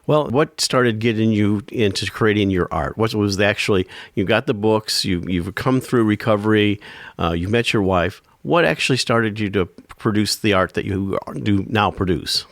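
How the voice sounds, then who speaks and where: A man's voice: on the low side, normal speed, dry recording, clean studio sound. A man hosting a radio arts show, asking long, meandering questions to his guest. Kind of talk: radio interview.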